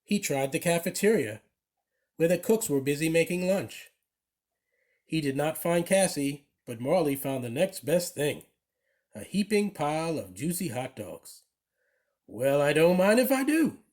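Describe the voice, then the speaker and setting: A man reading a children's picture book aloud, with expressive, animated storytelling. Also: a little high, unhurried. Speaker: storybook reader.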